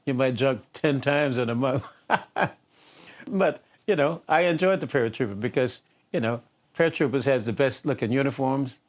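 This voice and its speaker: A man's voice: medium pitch, moderate pace. Older man telling stories, chuckling. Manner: chuckles often while telling anecdotes. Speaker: singer being interviewed. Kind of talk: storytelling interview.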